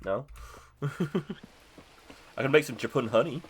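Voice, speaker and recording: A man's voice: mid-range voice, expressive, slow, slight background noise. A man streaming live gameplay, chatting to himself in a self-mocking way and laughing easily. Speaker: video game streamer.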